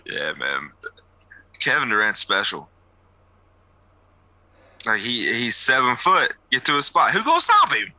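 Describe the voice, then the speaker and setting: A young man with a very bright, forceful voice, chatting about sports on a podcast. He tells stories with animation and shoots his pitch up for the punchlines. The sound is very dry and close to the mic. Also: sing-song, unhurried, pauses often, dry recording, poor audio. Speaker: podcast co-host and basketball coach. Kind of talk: casual sports chat.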